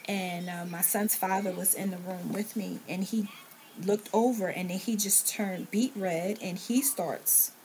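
A woman speaks on a remote call from a room at home, with faint ambient noise behind her. She tells her story earnestly, switching into the voices of the people she quotes. Her pitch sits in an ordinary middle range. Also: steady tone, measured pace, a little mellow. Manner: earnest, relives scenes by quoting others' words. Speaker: podcast guest. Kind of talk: personal storytelling in conversation. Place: at home, in a bedroom with a TV on.

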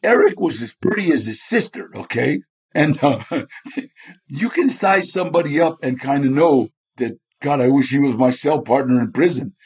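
An interview guest with a mid-range, slightly mellow male voice and a breathy edge speaks at normal speed with animation. He tells stories lively, acting out the people he quotes and laughing often in this chatty interview.

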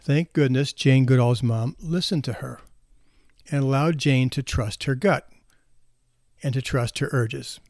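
A man's voice: medium pitch, a little slow, long pauses, a little mellow, dry recording, studio quality. A man in his sixties, a physician, telling anecdotes about marriage and parenting in a casual way, chuckling now and then. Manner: anecdotal, with laughter and restarts. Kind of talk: casual storytelling talk.

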